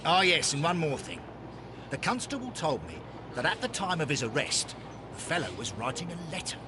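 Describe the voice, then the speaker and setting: A smug police inspector. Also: male voice, fairly high pitch, sing-song, moderate pace, noisy background.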